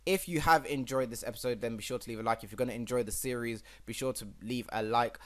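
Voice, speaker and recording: A man's voice: mid-range voice, fairly even intonation, quick pace, a bit bright. A young man hosting his own gaming channel, chatting casually and rambling through a football management game with plenty of fillers.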